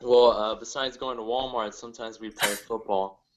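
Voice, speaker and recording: A young man from northern Ohio with a Midwestern accent, a guest comedian telling his story in halting, hesitant bits. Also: medium pitch, steady tone, muffled recording, noisy background. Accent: Midwestern American. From northern Ohio, USA. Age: young adult. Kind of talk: casual interview chat.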